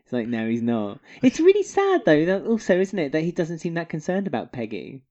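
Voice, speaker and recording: A podcast co-host in casual chat about a soap opera, talking in an animated way with frequent laughs. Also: mid-range voice, fairly quick, muffled recording.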